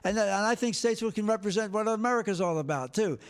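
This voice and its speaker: A man's voice: high voice, fast, clean tone. An older man, a retired sports director and guest, telling stories in a blunt, emphatic, outspoken way. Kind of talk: casual storytelling.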